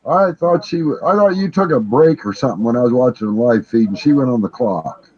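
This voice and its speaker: A man's voice: medium pitch, expressive, a little fast. A man on a casual live-stream chat, asking brief curious questions. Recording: dull lo-fi call audio.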